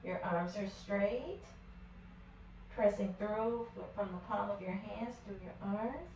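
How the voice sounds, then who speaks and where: A woman leading a kids yoga class, guiding poses gently and praising often. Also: mid-range voice, slow. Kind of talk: guided yoga class for children. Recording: echoey room from far off with faint noise.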